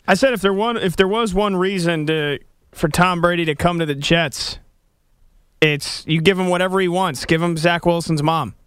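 A man's voice: high-pitched, moderate pace, fairly bright tone, smooth, no echo, studio quality. Cheeky male radio co-host. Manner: joking, cheeky. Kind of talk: sports talk radio banter.

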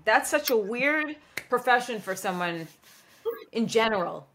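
A woman's voice: on the high side, expressive, measured pace, fairly bright tone, a little hiss or hum. A woman in her forties hosting a podcast, chatting bluntly and swearing freely. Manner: blunt, profane storytelling. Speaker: podcast host. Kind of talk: casual chat.

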